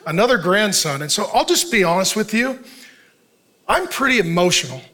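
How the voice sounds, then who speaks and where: A middle-aged man preaching a sermon, animated and often laughing at himself, who swings from shouted lines to soft, tender asides. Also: sits high, normal speed. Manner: laughs often, self-deprecating humor. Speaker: pastor.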